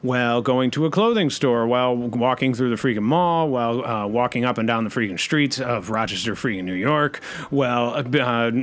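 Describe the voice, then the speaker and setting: A male comedy podcast host with an ordinary middle-pitched voice. He rambles deadpan, stalling with fillers as he goes.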